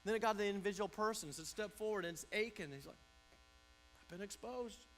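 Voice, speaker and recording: A man's voice: high-pitched, racing, a bit bright, faint music behind, low-quality recording. A man pastor preaching a conversational sermon in a church, often restarting and repeating words.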